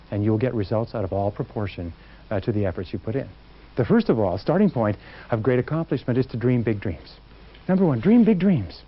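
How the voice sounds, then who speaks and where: Emphatic male motivational speaker, lo-fi. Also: medium pitch. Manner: emphatic, acts out quotes. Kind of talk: seminar talk to a live audience. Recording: dull lo-fi recording.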